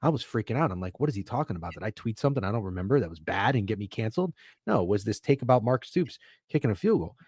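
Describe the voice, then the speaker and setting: A man's voice: fairly low pitch, big pitch swings, racing, darkish tone, breathy edge, no echo, clean studio sound. A man co-hosting a sports betting podcast in a casual, rambling way, swearing and getting worked up when he defends his takes. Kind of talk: casual chat.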